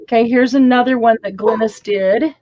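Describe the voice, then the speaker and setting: A woman's voice: on the high side, steady tone, moderate pace, mellow. A woman hosting a craft group, chatting casually and encouraging others as she shows their cards. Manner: chatty, encouraging, laughs easily. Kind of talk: casual chat during a craft video call. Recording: dull, lo-fi sound.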